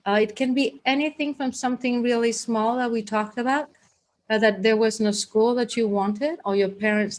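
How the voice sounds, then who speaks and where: A fairly high-voiced woman leads a live group class as its teacher. She talks in a chatty, guiding way, often restarting her sentences as she goes. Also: a little mellow. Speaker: workshop teacher.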